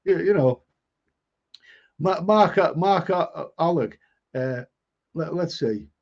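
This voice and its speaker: Middle-aged Scouse host, somewhat high voice, stumbling, repetitive chat, muffled lo-fi stream sound. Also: male voice, animated, slow pace, vocal fry, a little mellow. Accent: Liverpool. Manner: stammering, repeats words, chatty. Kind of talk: casual chat reading viewer comments. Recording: dull lo-fi stream audio.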